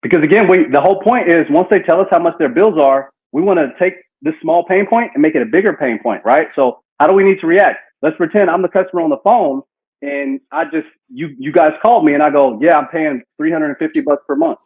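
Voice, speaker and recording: Pitched on the high side, this man's husky voice is animated and brisk. He's running a live sales training, coaching a team on cold-call lines and acting out example calls, recorded with tinny, phone-like sound.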